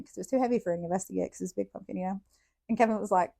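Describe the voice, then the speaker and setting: A woman tells childhood stories on her podcast. She talks casually, swears freely and breaks into laughter often. Her voice sits at an ordinary middle pitch for a woman. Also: rapid-fire, vocal fry. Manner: profane, laughing, animated storytelling. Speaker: podcast host. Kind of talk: casual storytelling.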